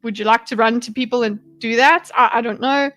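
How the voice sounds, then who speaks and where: A South African woman talks through a livestream in a loose, rambling way, often swearing and breaking into laughter. Her voice sits a little high. Faint music plays softly behind her. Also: fairly even intonation, fairly quick. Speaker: livestream commentator. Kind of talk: casual livestream commentary. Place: home streaming setup.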